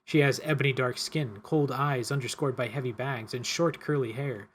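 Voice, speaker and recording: A man's voice: mid-range voice, normal speed, husky. A man playing a cooperative card game, reading the story text aloud and stumbling and correcting himself as he goes.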